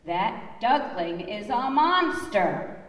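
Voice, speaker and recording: Woman reading as a shrill neighbor duck. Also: big pitch swings, slow pace. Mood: scornful. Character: nosy shrieking neighbor duck, female. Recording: echoey church hall, far off.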